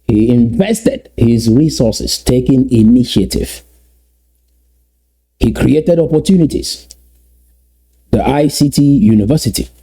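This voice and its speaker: This man, a political speaker from Southern Cameroons, has a dark tone at medium pitch. His impassioned speech to his community leans on emphasis, repetition and frequent rhetorical questions.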